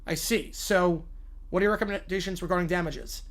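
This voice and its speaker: A man live-streaming, reading a silly story aloud with playful, animated asides. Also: high-pitched, fairly quick.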